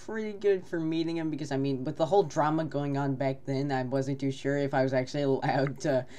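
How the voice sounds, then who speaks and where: A man co-hosting a casual podcast, telling a rambling, animated story and laughing often. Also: mid-range voice, fairly quick. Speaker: podcast co-host.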